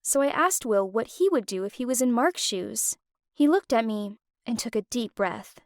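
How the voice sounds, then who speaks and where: A woman with a high voice narrates an animated first-person story with plenty of feeling. The recording is dry and close, with no room sound. Her delivery moves freely between emotions. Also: normal speed, no echo. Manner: emotive, with wide swings of expression.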